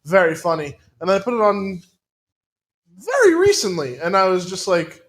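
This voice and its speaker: A man with a fairly high voice for a man joins a casual podcast chat. He speaks bluntly and offhandedly, dropping a curse here and there. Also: wildly swooping pitch, normal speed. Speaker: podcast guest.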